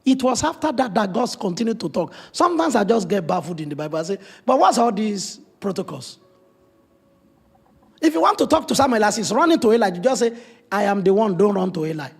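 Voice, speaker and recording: A man's voice: high-pitched, expressive, brisk, vocal fry, slightly rough. A man from Africa preaching a sermon as pastor, in a conversational way with blunt humor.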